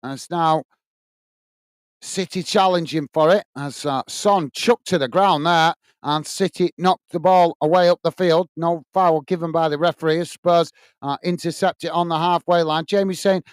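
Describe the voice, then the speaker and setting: A man's voice: a little high, steady tone, normal speed, clear, resonant tone, no echo. A man hosting a live match watch-along, calling the play step by step and thanking viewers by name between moves. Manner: calls the action steadily, blow by blow. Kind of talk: live play-by-play commentary with chat shout-outs.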